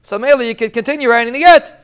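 A man giving a Talmud study lesson, explaining the Aramaic text line by line in casual English and acting out the quoted shouts with a raised voice. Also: very high-pitched, fast, smooth. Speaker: Talmud teacher.

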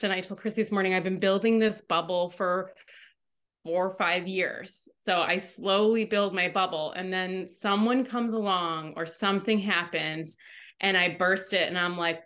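Casting: woman podcast co-host, mid-range voice, casual and animated, plays her own inner voice in quick bursts. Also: medium pitch. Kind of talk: casual chat.

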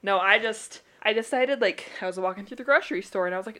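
A woman's voice: mid-range voice, fast talker, sharp tone. A woman co-hosting a casual podcast, giggling and talking to listeners directly. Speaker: podcast co-host. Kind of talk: casual chat.

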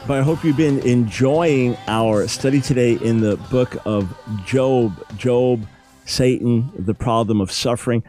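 A man's voice: unhurried, dark tone, soft background music. A man hosting a radio show, teaching a Bible passage in an earnest, emphatic way and lifting his voice when he acts out the speakers. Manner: earnest, emphatic, rises in pitch when dramatizing.

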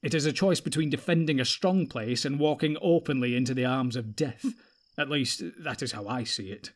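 A man voicing a proud, grave warrior who is inwardly torn, speaking in measured tones. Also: medium pitch, lightly acted. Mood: uneasy.

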